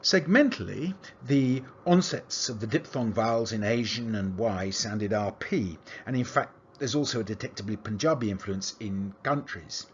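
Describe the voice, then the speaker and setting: A man giving an academic lecture as a university lecturer, explaining an analysis in a steady, methodical way. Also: lowish voice, husky, dull audio. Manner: explanatory, analytical delivery with lively intonation.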